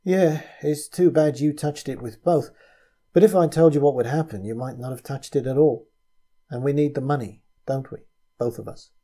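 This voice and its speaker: Man voicing a blunt pragmatic rogue, matter-of-fact, mellow dark tone, husky. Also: mid-range voice, moderate pace, voice pushed up, lightly acted. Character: blunt, pragmatic one-handed adult man.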